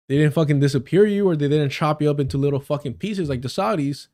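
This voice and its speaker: A man's voice: a little high, fast talker, dark tone. A man hosting a livestream, giving heated and sarcastic political commentary with frequent swearing. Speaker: livestream host.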